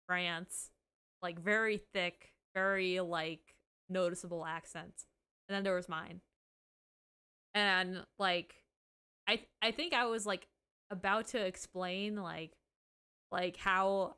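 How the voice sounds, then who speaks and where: A woman's voice: fairly low pitch, bright, forceful tone, clean tone. Giggly Californian woman streamer. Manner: giggly, says "like" a lot. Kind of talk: casual live-stream chat.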